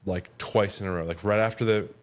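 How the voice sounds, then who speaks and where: Upbeat low-voiced male podcast co-host. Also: fairly even intonation, fairly quick. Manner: upbeat, jokey, rambling. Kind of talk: casual podcast chat.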